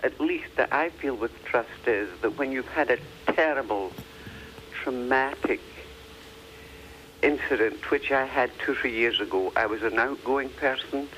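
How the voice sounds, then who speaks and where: A man calls in over the phone, speaking earnestly with some hesitation. His voice sits at an ordinary middle pitch. Faint noise runs behind the line. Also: unhurried, fairly bright tone, poor audio. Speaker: caller. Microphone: telephone.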